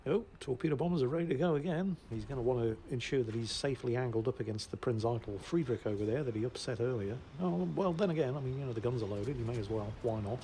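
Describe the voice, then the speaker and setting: A man's voice: medium pitch, quick pace, hardly any pauses, warm tone. Male game commentator, mid-range voice, giggly and casual, light background noise. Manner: giggly, laughs often through his commentary. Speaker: gameplay commentator.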